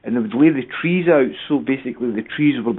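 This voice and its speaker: A man rambles through an explanation, circling back with fillers and repeated phrases. His voice is a little husky. It comes through thin and narrow, like a phone call. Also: medium pitch, quick pace, soft background music. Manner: rambling, repeats "basically" and "you know what I mean". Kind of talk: casual explanatory talk. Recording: tinny phone-line sound.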